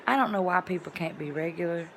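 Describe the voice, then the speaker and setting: Woman vlogger, bright and forceful, animated casual storyteller. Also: lowish voice, quick pace, slight background noise. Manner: animated, colloquial storytelling with sudden loud exclamations.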